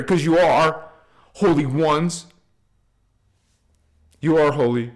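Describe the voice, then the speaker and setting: A man's voice: a little high, takes it slowly, long pauses. A man giving an informal spiritual talk to viewers, emphatic and repetitive, chanting affirmations and lists of names. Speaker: spiritual channel host.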